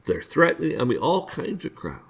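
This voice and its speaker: A man's voice: fairly high pitch, very animated, moderate pace, vocal fry, a bit bright, slightly rough. A man hosting a casual ranting monologue, blunt and profane, stammering through restarts and acting out his run-ins with officials. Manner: acts out dialogue with officials. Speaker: podcast host.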